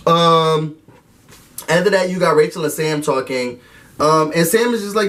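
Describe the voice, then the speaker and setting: A man giving a casual, animated recap and review of a TV episode, talking straight to his viewers. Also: on the high side, brisk, distant mic. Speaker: TV recap vlogger.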